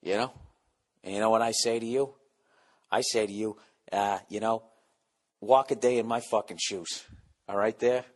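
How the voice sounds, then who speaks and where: A middle-aged man hosting a podcast, with a Boston accent, ranting in a profane, sarcastic, comedic monologue. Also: mid-range voice. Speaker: podcast host.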